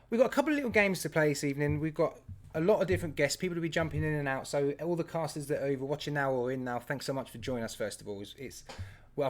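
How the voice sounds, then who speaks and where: A man hosts a casual live stream and greets viewers one after another. His voice sits a little high for a man, and he talks in a loose, chatty way with easy laughter. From England. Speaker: host.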